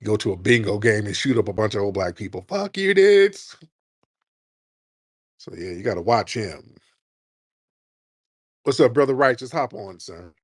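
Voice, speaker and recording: A man's voice: lowish voice, normal speed, slightly rough, no room sound. Male stream host, crude teasing, laughs a lot, dry sound. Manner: crude taunting, laughing often. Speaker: host of a live call-in roundtable. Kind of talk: live stream roundtable banter.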